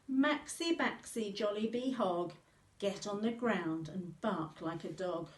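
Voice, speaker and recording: A woman voicing a spiteful old witch who snarls in a low, breathy voice, recorded in an echoey room from some distance. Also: measured pace, darkish tone, close to an everyday voice. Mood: chanting.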